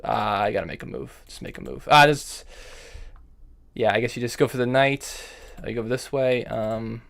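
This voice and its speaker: A man's voice: medium pitch, moderate pace, gravelly, fairly bright tone. Man thinking aloud through a chess game. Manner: thinking aloud move by move, muttering half-finished phrases; bursts of self-scolding and nervous fretting. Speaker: chess streamer. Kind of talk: live-streamed commentary while playing online chess.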